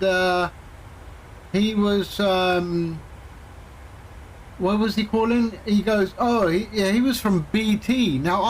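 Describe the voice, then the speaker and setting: High-voiced man telling stories. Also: a little hiss or hum, rough recording. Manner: rambling storyteller, chuckles often, acts out callers. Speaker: streamer. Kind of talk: casual chat while streaming a flight sim.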